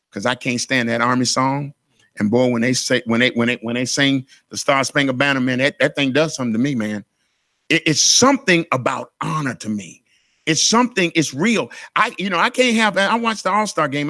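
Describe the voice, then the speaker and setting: A man's voice: a little high, sharp tone, no echo, studio quality. A middle-aged man preaching a sermon as a pastor, emotional and impassioned.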